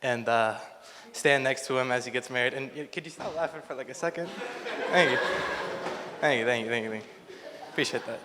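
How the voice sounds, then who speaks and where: A young man giving a nervous, halting groomsman toast at a wedding, stumbling and restarting. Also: medium pitch, heavy background noise. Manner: halting, flustered, lots of restarts. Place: wedding reception hall. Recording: long hall reverb.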